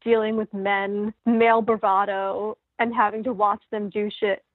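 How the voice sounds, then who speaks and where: A woman's voice: mid-range voice, little pitch movement, unhurried, dry recording. A woman co-hosting a podcast, chatting eagerly about a singer's vocal style and laughing often. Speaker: podcast co-host. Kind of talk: casual chat about music. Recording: tinny phone-like remote line.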